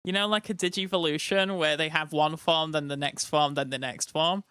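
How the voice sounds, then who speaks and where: A man's voice: on the high side, fairly even intonation, moderate pace, pushed and bright, clear, resonant tone, no room sound, studio quality. A man co-hosting a home live stream, teasing his partner in playful banter. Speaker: co-host. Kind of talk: casual live-stream chat.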